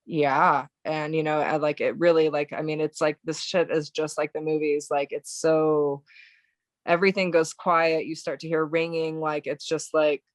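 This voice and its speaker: Woman recalling a loss, flat dry voice. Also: deep voice, no room sound. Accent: American. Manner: halting, many fillers and restarts. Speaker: podcast guest. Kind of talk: emotional personal recollection.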